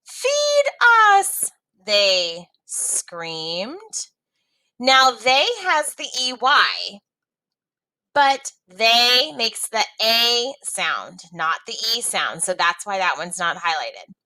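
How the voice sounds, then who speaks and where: A woman's voice: big pitch swings, extremely slow, pushed and bright, low-quality recording. A woman teacher guiding young students through a reading lesson, reading the story aloud and calling them friends. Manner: reads the story aloud with pitch jumps for the geese; friendly, addresses pupils as friends.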